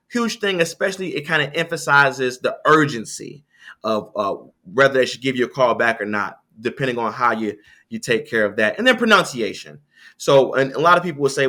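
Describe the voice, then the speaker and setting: Animated bright-voiced man coaching on sales. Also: normal speed. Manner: animated, lively pitch swings, frequent restarts. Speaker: guest, sales coach and author. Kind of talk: conversational interview, coaching.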